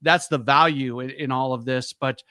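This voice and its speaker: Measured sports radio host, dry sound. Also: male voice, medium pitch, steady tone, pushed and bright, clean tone, no room sound. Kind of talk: sports talk.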